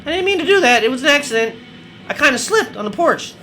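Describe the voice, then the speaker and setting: A man voicing an excitable, cheeky young boy who fires off eager questions. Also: full character voice, rough recording. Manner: high, eager, rapid questions.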